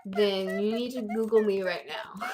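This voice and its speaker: A young woman hosts her own podcast, chatting casually on her own in a bubbly, rambling way and laughing at herself. Her voice sits in the mid range with a steady tone and an unhurried pace, and crowd noise can be heard behind her.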